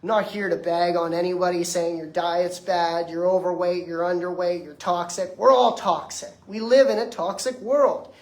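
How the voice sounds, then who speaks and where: Speaking with a high, steady voice at normal speed and with few pauses, this twenties-aged detox practitioner addresses the audience in front of him. His lecture is motivational, emphatic and conversational, recorded in an echoey room.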